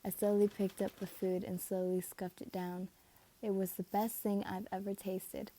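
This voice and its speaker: A woman's voice: mid-range voice, level tone, normal speed, warm tone. A woman reading a fan story aloud in a casual way, stumbling and correcting herself as she goes. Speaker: reader.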